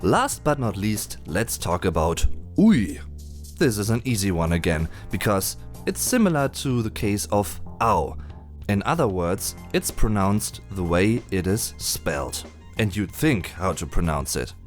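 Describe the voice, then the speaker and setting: A man giving a voice-over lesson on pronunciation, patiently spelling out and demonstrating sounds slowly. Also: fairly low pitch, sing-song, soft background music. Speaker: German language teacher. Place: indoors at home during a thunderstorm. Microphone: voice-over, no camera.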